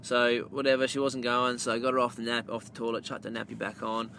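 Talking fast in a medium-pitched voice, this Australian podcast host rambles through a story laced with swearing, calling listeners mate. He turns loud and animated for the punchline, and the recording has a little hiss or hum.

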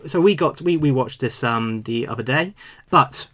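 A man co-hosting a film podcast, playful and quick to laugh. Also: medium pitch, lively intonation, fairly bright tone. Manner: laughs often, playful teasing. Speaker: podcast co-host. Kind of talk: casual film podcast chat.

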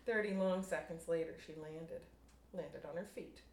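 Low-voiced woman reading her story. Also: normal speed, vocal fry, darkish tone. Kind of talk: reading her own fiction aloud. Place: room at a writers' group meeting. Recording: roomy room, distant mic, faint noise.

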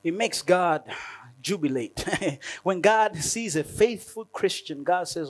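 High-voiced man preaching animatedly. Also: takes it slowly. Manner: animated, laughing often, acting out prayers. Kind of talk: sermon.

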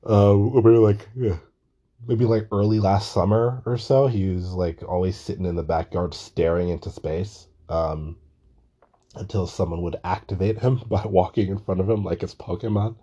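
A man's voice: deep voice, normal speed, breathy edge, dull audio. A young man telling a story in a casual monologue, swearing a lot and laughing as he goes. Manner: profane, animated, laughs through a story. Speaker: vlogger.

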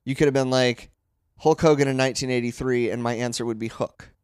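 A man's voice: medium pitch, steady tone, brisk, a little mellow, clear, resonant tone, dry recording, clean studio sound. A man co-hosting a podcast in casual chat, trading sarcastic, swear-filled banter. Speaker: podcast co-host. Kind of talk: casual chat predicting wrestling results.

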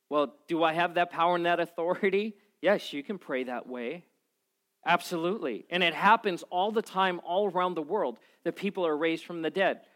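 A man preaching as a pastor, moving from quiet prayer to lively, animated storytelling. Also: a little high. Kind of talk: sermon.

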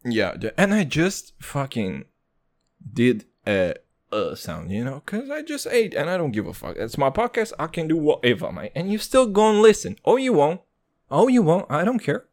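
Young man, solo podcast host, crude joking rant, very lively swooping pitch. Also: normal speed. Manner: crude, rambling and joking, swears constantly, jumps in pitch for effect.

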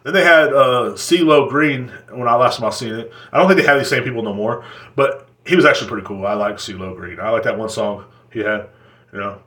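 A man's voice: mid-range voice, a little fast, fairly bright tone. A man rants on his podcast, crude and rambling, with a mid-range voice and plenty of swearing. His voice carries a noticeable room echo. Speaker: podcast host. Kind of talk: comedic rant.

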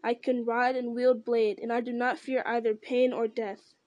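A proud young noblewoman warrior presses her case with bitterness, voiced by a woman reading a story aloud. The voice is fairly high with little rise and fall. The recording is dry and close. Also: level tone, moderate pace, darkish tone, no room sound, dull audio, natural voice. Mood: bitter.

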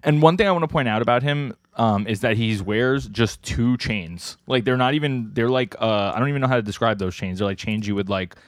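A man's voice: mid-range voice, a little fast, hardly any pauses, dry recording. A man co-hosting a podcast who chats casually about manga, often laughing and using lots of filler likes. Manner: giggly, with many likes. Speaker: podcast co-host.

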